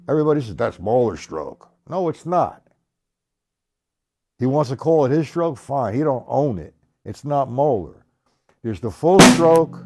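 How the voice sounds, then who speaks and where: A man's voice: mid-range voice, darkish tone. A man giving a live-streamed drum lesson, talking bluntly and emphatically, repeating his points as he demonstrates strokes. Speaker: drum teacher. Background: drum hits.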